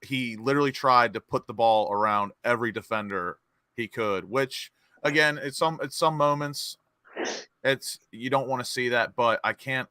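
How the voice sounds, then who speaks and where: A man's voice: medium pitch, bright, forceful tone, dry recording. A man on a fan panel, earnest and firm, calling others "mate" as he argues his point. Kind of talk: casual post-match chat.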